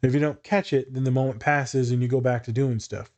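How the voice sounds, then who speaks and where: A man in casual conversation who speaks like a working therapist reflecting aloud. His delivery is blunt and profane. The humor stays dry and understated, and his pitch sits in an ordinary middle range. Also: steady tone, brisk, darkish tone. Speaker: therapist and teacher. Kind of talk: casual podcast chat.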